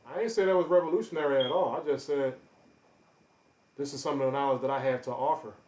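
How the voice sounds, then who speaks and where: A man ranting on a live stream, confrontational and boastful, calling out chat members by name with loud bursts and drawn-out emphasis. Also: medium pitch. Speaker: livestreamer. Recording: roomy echo.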